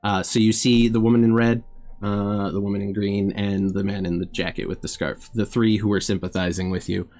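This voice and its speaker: A man's voice: on the low side, flat delivery, a little fast, darkish tone, soft background music. A man narrating a tabletop game as game master, describing scenes with frequent fillers.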